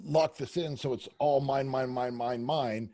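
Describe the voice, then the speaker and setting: A man's voice: medium pitch, fairly even intonation, measured pace, mellow. A man as a podcast guest, talking in a brash, profane, candid way with lots of fillers, close to the mic. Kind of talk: candid casual interview talk.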